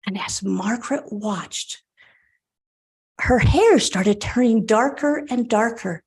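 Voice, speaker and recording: A middle-aged woman telling a story live to an audience in an expressive, animated way. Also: fairly high pitch, slow pace, slightly rough.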